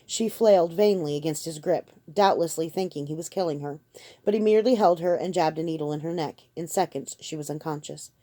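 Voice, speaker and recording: A woman narrating a novel as an audiobook reader, in a steady, measured way. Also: low-pitched, no room sound. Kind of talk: audiobook reading.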